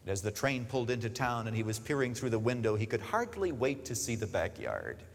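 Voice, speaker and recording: Animated male preacher in a reverberant hall. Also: mid-range voice, a little fast. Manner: expressive storytelling, voicing characters, urging listeners. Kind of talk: sermon. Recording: long reverb of a large hall.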